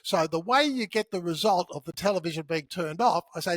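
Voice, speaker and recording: Talking a little fast, a high-pitched man who writes about sales teaches conversationally as a podcast guest. He lays out his approach with lively energy and keeps slipping into short acted-out dialogues, recorded close and dry without any echo.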